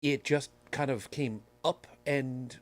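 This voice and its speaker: A podcast host speaks slowly in a medium-pitched voice with fairly even intonation. In casual conversation, he tells rambling, self-deprecating stories.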